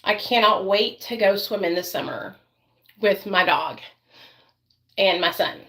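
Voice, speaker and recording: A woman's voice: medium pitch, a little slow, fairly bright tone. A woman vlogging casually while doing her makeup, rambling and chatty with many fillers, and doting on her dog. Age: adult parent.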